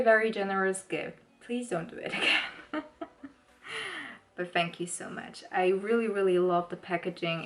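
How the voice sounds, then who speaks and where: A woman makeup vlogger chatting casually to the camera, giggling often and gushing with thanks. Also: medium pitch. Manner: giggly, laughs often between words; gushing and grateful. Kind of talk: casual vlog chat to the camera. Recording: roomy echo with faint background music.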